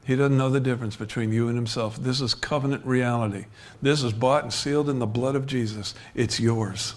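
A man preaching a sermon in a relaxed, conversational way, often restarting his sentences and chuckling between points. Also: medium pitch, brisk. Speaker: pastor.

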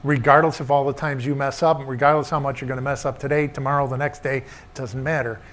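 A man's voice: medium pitch, steady tone, quick pace, fairly bright tone, slight background noise. A middle-aged man preaching a sermon, telling a childhood story and repeating short emphatic refrains.

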